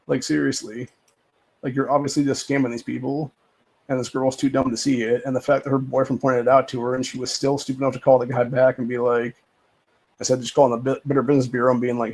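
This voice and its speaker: Gravelly, husky man ranting casually. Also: medium pitch, flat delivery, fast, darkish tone, rough recording. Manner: rambling, profane, repeats filler phrases. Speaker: livestream host. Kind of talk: casual livestream rant.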